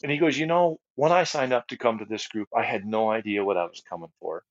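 A man's voice: on the low side, fast, dry recording. Earnest middle-aged man telling his testimony. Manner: earnest storyteller, repeats phrases, many fillers and restarts. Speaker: guest ministry leader. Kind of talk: personal testimony in a podcast chat. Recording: dry, slightly dull podcast audio.

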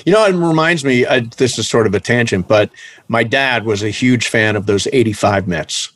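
A man in casual conversation, telling a lively anecdote with energy. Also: mid-range voice, moderate pace, dry recording. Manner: animated storyteller, shouts in impressions. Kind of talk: casual chat.

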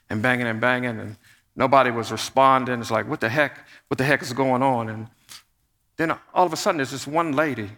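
A middle-aged man, the pastor, giving an earnest, conversational sermon to his church that drops to a soft hush in prayer. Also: mid-range voice. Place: church sanctuary. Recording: long reverb of a large church hall.

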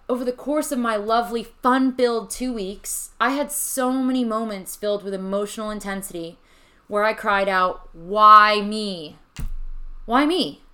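A woman's voice: on the high side, fairly bright tone. A young adult woman hosting a solo podcast, speaking in a frank, confessional way and swearing casually. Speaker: podcast host. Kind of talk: candid solo podcast monologue.

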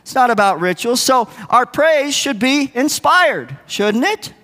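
High-voiced preacher in a reverberant hall. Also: male voice, big pitch swings, unhurried, bright, forceful tone. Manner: earnest, conversational preaching with rhetorical questions. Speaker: pastor. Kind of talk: sermon. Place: church sanctuary.

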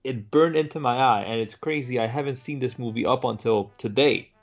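Gravelly man co-hosting a film podcast. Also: medium pitch, brisk, highs cut off, soft background music. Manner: swears freely, bantering. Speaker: podcast co-host. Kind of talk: casual film discussion.

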